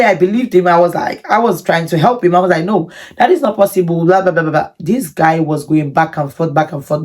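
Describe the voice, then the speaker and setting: A woman vlogger telling a personal story to camera in an animated, indignant way, with many repetitions. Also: lowish voice. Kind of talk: storytime vlog.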